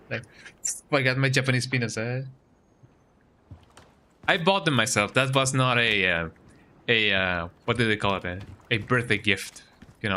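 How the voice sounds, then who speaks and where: A man's voice: mid-range voice, sharp tone, a little hiss or hum. A Spanish-speaking man, chatting casually and playfully while streaming a game, tagging "eh?" onto his lines. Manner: rambling and playful, frequent tag "eh?", breaks into silly sing-song bits. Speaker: gaming streamer. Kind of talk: casual live-stream chat while playing.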